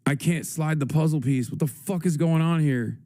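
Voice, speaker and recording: With a mellow, slightly high voice at a moderate pace, this young livestreamer curses and reacts in a frenzy, thinking out loud through casual commentary.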